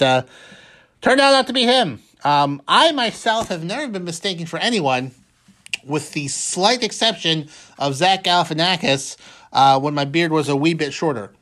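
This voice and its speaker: A man's voice: a little high, fairly bright tone. A man hosting a radio show, recapping the news in a casual, rambling, jokey way and often repeating words. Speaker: radio host.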